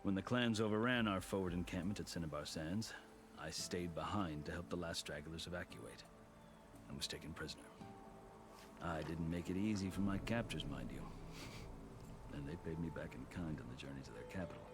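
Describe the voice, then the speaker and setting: Battle-hardened soldier, very low voice, measured storytelling, game music underneath. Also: male voice. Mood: recounting. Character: battle-hardened male soldier recounting his captivity.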